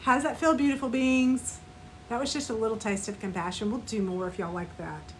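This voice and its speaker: A woman teaching a live online spiritual class, gently guiding listeners through an energy clearing and repeat-after-me compassion phrases. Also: fairly high pitch, fairly even intonation, a little fast, a little hiss or hum, poor audio.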